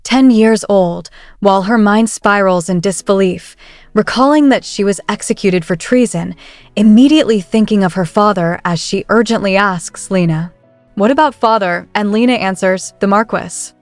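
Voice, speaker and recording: A woman's voice: medium pitch, moderate pace, dry recording, soft background music. A woman narrating a story recap in a scripted style, reading the characters' dialogue in her own voice. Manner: reads every character's lines in her own voice.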